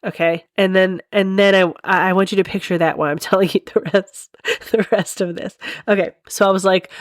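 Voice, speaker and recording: A woman's voice: mid-range voice, steady tone, brisk, no echo, studio quality. A woman hosting a podcast, telling a story in a rambling, casual way and often breaking into laughter. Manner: giggly, rambling, laughs often mid-sentence. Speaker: podcast host.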